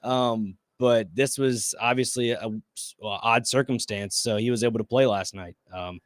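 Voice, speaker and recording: A man on a sports radio panel, explaining rules in a hesitant, um-filled way. His pitch is middle and his sound is dry and close. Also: steady tone, normal speed, dry recording. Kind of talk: casual sports radio banter. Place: radio studio.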